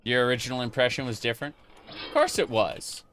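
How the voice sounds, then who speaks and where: A man's voice: mid-range voice, a little fast, a bit bright, a little hiss or hum. A man chatting casually with his live-stream chat while playing a game, rambling with many fillers and restarts.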